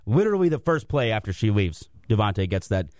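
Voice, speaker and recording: Casual male radio guest, animated storyteller, dry studio sound. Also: on the low side, quick pace, no room sound. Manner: animated storytelling, self-mocking. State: out of breath from cold. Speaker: guest commentator.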